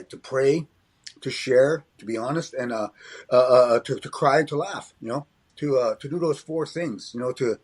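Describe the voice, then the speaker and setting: A husky-voiced older man from Alberta speaks in a reflective interview. He circles back over his words and ends many lines with "eh?". His tone is measured and middle-pitched. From Alberta, Canada. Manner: frequent restarts and tag "eh?". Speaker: comedian and motivational speaker, interview guest.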